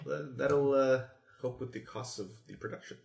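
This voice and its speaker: A man's voice: mid-range voice, moderate pace, gravelly, echoey room, distant mic. A man playing in a tabletop game, joking and bantering with the group. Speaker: player. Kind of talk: casual tabletop game play.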